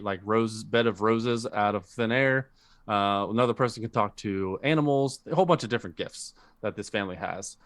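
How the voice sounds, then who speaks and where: Podcast guy, kinda low smooth voice, rambly chat, dry close sound. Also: a bit bright, no echo. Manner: rambling, many fillers and restarts. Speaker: podcast co-host. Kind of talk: casual chat.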